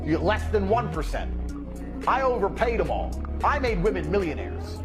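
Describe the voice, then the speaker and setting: A man's voice: high voice, sing-song, moderate pace, music in the background. A man ranting in a brash, combative and mocking way, with a lot of swearing. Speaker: media personality. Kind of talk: brash profane rant.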